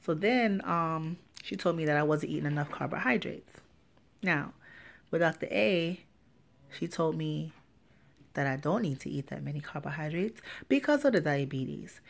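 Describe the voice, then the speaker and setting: A pregnant young woman vlogging a casual story time, ranting with lots of swearing and acting out the people she quotes. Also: on the low side. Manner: animated, profane ranting with lively quoted dialogue.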